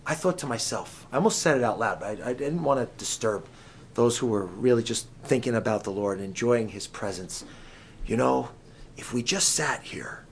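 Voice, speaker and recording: A man preaching a sermon at a camp meeting, dramatic and full of questions to his listeners, swinging from loud cries to hushed whispers. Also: mid-range voice, slight background noise. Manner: asks the audience many questions.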